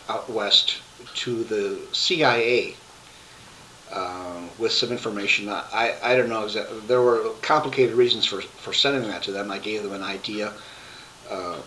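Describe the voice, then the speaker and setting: A man telling his life story to a webcam, rambling and halting with many restarts. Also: lowish voice, bright, forceful tone, a little hiss or hum, low-quality recording.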